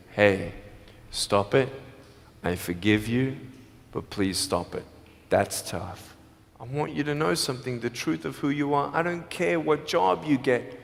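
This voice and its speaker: A man giving a motivational speech to a live audience in a large school hall, emphatic and swinging from hushed to shouting. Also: sits high. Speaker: motivational speaker. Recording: echoey hall, faint music behind.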